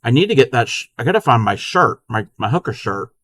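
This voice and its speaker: A man chatting casually with his live-stream chat while crocheting, sometimes counting stitches quietly to himself. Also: medium pitch, sing-song, a little fast.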